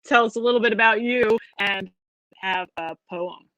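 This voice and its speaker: A woman's voice: medium pitch, normal speed, a bit bright, no room sound, highs cut off. A woman co-hosting a poetry live stream over a video call, talking in a friendly, rambling way full of ums. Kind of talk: casual chat.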